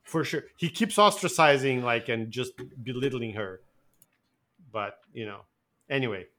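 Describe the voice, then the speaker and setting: A man's voice: medium pitch, measured pace, sharp tone. A man co-hosting a casual movie podcast, chatty and given to trailing off. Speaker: podcast co-host.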